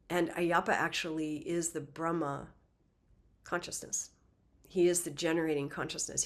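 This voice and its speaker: A woman giving a spiritual talk, telling a myth in a lively, conversational way with casual asides. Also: low-pitched. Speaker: spiritual teacher. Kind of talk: casual storytelling lecture.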